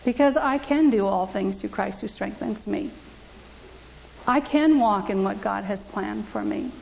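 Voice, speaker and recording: A woman's voice: medium pitch, sing-song, measured pace, gravelly, darkish tone, slight background noise. A woman giving an earnest, emphatic church testimony, repeating scripture aloud, in a church. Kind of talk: testimony and preaching. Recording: dull lo-fi recording.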